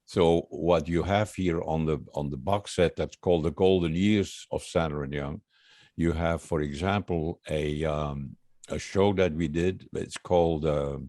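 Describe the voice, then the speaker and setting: Elderly male guest, very low voice, halting storyteller, dry close sound. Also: steady tone, mellow, dry recording. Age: 80s. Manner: reminiscing, halting with many uhs, chuckles often. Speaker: guest singer. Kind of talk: casual interview chat.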